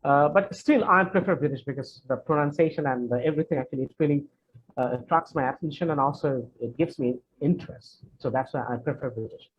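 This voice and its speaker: A man's voice: a little high, fairly quick. A man leading an online question session for students, answering in a friendly, hesitant way with many fillers and restarts. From Bangladesh. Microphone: video call. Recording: dull lo-fi video call with faint noise.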